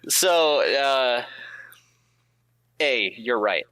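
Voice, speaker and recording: Laid-back, bright-voiced podcast guy. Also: medium pitch, expressive, very slow, low-quality recording. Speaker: podcast co-host. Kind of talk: casual chat.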